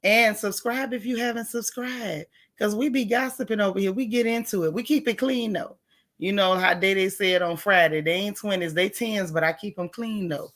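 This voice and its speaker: A woman hosting a late-night gossip livestream, chatting casually and greeting viewers by name in a hushed voice. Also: normal speed. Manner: hushed, talking low like whispering. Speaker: gossip channel host.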